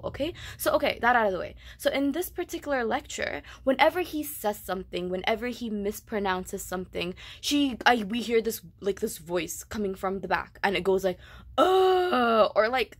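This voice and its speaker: A young woman, Tamil her first language, ranting in a casual vlog, animated and exasperated, full of "like" and "okay". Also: mid-range voice, breathy edge. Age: young adult. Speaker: vlogger.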